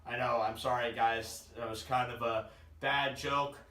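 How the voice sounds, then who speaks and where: A man with a bright, forceful, medium-pitched voice ranks his friends' fantasy football teams at a measured pace with fairly even intonation. His comedic commentary is packed with puns, and he constantly calls his listeners "guys." He sounds far from the mic in an echoey room.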